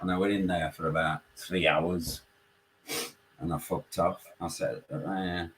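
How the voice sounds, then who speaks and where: A man with a Yorkshire accent, calling in and telling a story in casual chat, swearing constantly and animated. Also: low voice, a little slow, slight background noise, poor audio. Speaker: caller.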